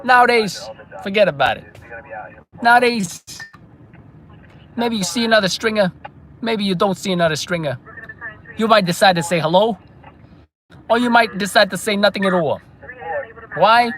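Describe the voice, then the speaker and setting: A man's voice: high-pitched, normal speed, pauses often, fairly bright tone, pitched above the performer's own voice. A man putting on a thick Brooklyn accent to play an old tough guy reminiscing in a drawling way. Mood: nostalgic. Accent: put-on Brooklyn.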